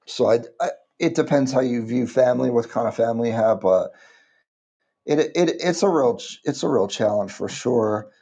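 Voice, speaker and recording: A man in his thirties from the United States, chatting casually on a livestream and rambling with halting restarts. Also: mid-range voice, creaky, warm tone. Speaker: livestream vlogger.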